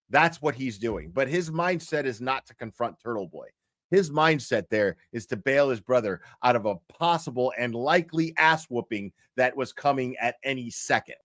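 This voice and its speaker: A man's voice: medium pitch, expressive, normal speed, a bit bright, dry recording. Brief: male stream commentator, crude, blunt, swears a lot, dry close sound. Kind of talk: profane casual commentary over video clips.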